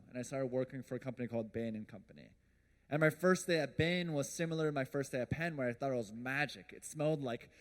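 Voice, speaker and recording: A man in his early thirties giving a motivational storytelling talk on stage, chatty and quizzing his audience. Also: a little high. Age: early 30s. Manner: conversational, asks the audience questions. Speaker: speaker, company founder. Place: event stage before an audience.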